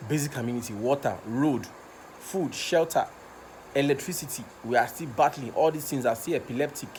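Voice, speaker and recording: Nigerian man, vlog rant, fired-up and repetitive, average pitch, faint background hiss. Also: fairly quick, a little mellow. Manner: impassioned, repeats himself, stumbles over words. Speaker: vlogger. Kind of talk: passionate rant to camera.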